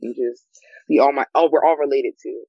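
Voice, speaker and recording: A young man from the United States in a casual group chat, animated and acting out the voices of people he quotes. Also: medium pitch, brisk, vocal fry, slightly rough, dry recording. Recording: slightly dull lo-fi sound.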